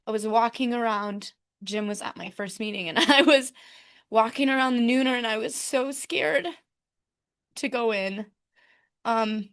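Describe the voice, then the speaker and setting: A woman speaking at a recovery meeting, telling her own story in a halting way, with many fillers and frequent laughs. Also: medium pitch, clean tone.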